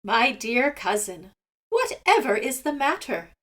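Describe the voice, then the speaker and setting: A woman voicing a sly, crafty male raven who croons smoothly while scheming, in a storybook read-aloud. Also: a little high, big pitch swings, a little slow, fairly bright tone, heavily acted. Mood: crooning.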